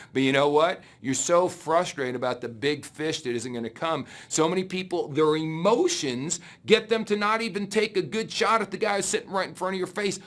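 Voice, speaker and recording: A man giving a motivational talk on business, acting out excited and gloomy voices as he goes. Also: on the high side. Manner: animated, acts out excited and gloomy inner voices. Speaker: network marketing speaker.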